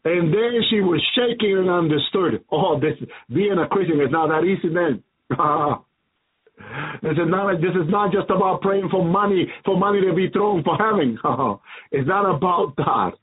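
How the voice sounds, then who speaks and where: A man with a very high voice preaches with fervent, impassioned repetition, then pleads in prayer. The sound is thin and tinny, like a phone line carried on a radio broadcast. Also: moderate pace, breathy edge.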